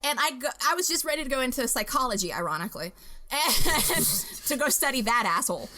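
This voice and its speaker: A young woman hosting a podcast, telling a story in a casual, animated and profane way with bursts of laughter. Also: high voice, a little fast. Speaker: podcast host.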